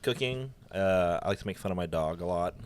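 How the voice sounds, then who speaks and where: A man's voice: low-pitched, a little fast, background noise. A man chatting casually on a podcast, joking and laughing between remarks. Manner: laughs often, apologetic asides. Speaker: podcast co-host. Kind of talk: casual chat.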